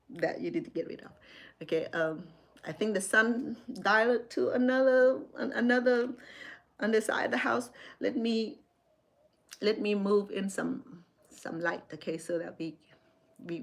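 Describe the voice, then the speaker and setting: A woman at home hosts a casual livestream, talking her viewers through a computer task. Her voice sits at an ordinary middle pitch. She speaks loosely and chattily, often restarting her phrases and filling pauses. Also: gravelly, a bit bright. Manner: chatty, with frequent restarts and fillers. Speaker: livestream host. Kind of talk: casual tech walkthrough.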